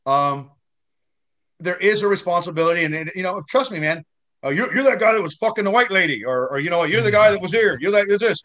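A man's voice: sits high, lively intonation, quick pace, pushed and bright. A man being interviewed as an actor guest, still shaken after a head injury, talking in a rambling way with many restarts and casual swearing.

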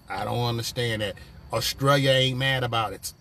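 A man's voice: mid-range voice, a little fast, fairly bright tone. A man hosting a casual live stream from his phone, talking loosely in profane, rambling banter with viewers. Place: on a work break, vehicle sounds nearby.

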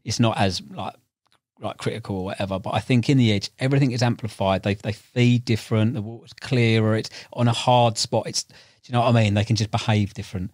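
A man's voice: fairly low pitch, fast, dry recording, clean studio sound. A young man, a podcast guest and carp angler, telling fishing stories in casual chat, full of slang and acted-out quotes. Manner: animated, acts out quotes, frequent fillers and slang.

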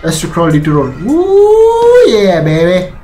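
A man giving rambling, excitable commentary over his gameplay. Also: a little high, soft background music, poor audio. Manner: excitable, rambling, fast bursts. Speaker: gaming YouTuber. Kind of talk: let's play commentary.

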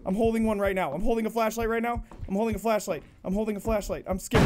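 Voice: mid-range voice, steady tone, fast, few pauses. A streamer giving live horror game commentary, panicky and swearing, muttering reassurances to themself. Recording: noisy game ambience behind.

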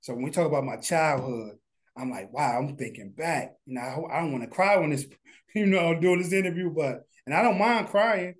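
A man's voice: on the high side, fairly quick. A man being interviewed as a guest, talking casually and heartfelt, often restarting his sentences. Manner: earnest, heartfelt, rambling with restarts. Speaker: studio founder, guest.

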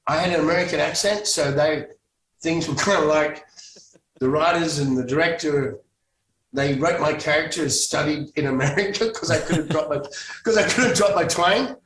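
A man rambles through a story, doubling back and restarting and swearing for emphasis. His voice sits a bit high. He is recorded in an echoey room from a distance, with faint noise behind. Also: a bit bright. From Australia. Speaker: guest, former soap actor. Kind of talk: casual storytelling interview.

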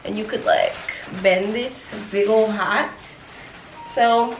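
A young woman chatting casually to her phone camera for a travel vlog, expressive and full of slang. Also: mid-range voice, slow, soft background music, poor audio. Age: young adult. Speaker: vlogger. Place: outdoors at a harbor.

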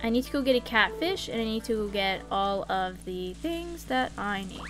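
A woman streaming a video game live, commenting excitedly and talking straight to her chat. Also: mid-range voice, normal speed, over music.

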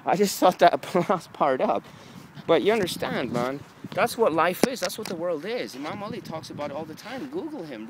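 Rambling, profane man ranting outdoors. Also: a little high. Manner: profane, rambling, lively delivery. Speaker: vlogger. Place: outdoors in a city. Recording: street noise behind.

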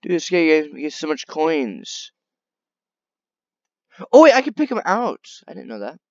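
Excitable young man narrating gameplay, lo-fi. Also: fairly high pitch, a little slow, no room sound. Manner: excitable, chatty, talks to the game animals. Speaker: gaming video creator. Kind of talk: casual gameplay commentary.

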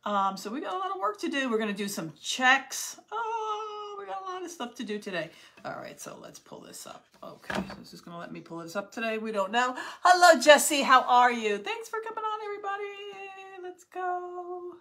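Bright, chatty woman livestreaming crafts. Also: sits high, very animated, moderate pace. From New Jersey. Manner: chatty, warmly greets viewers by name, gasps and laughs often. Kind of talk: live crafting stream chat. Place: home craft room.

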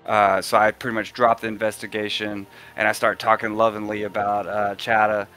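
A man playing a character in a tabletop game, talking in a halting way with many fillers. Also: fairly low pitch, flat delivery, pushed and bright, soft background music. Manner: halting, filler-heavy, laughing. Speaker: player. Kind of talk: tabletop role-play, in and out of character.

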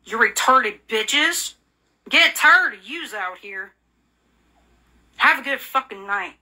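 A woman rants in fury, swearing and repeating the same bitter accusations. Her voice is very bright and sharp, and it sits a little high. She sounds worn out and fed up. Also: expressive, slow pace. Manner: furious, profane, repetitive insults. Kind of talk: angry rant.

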